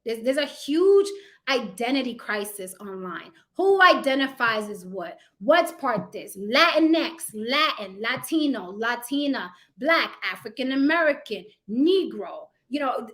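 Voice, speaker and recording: A woman's voice: high-pitched, sharp tone. A woman hosting a live stream, talking bluntly and emphatically to her chat, with plenty of swearing. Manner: addresses chat and moderators directly. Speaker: livestream host.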